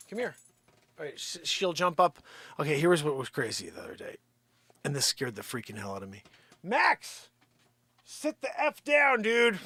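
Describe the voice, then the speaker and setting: A man's voice: fairly high pitch, a bit bright, no echo. A man hosting a live daily stream, chatting casually and joking as he tells a story and talks to his dogs. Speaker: livestream host.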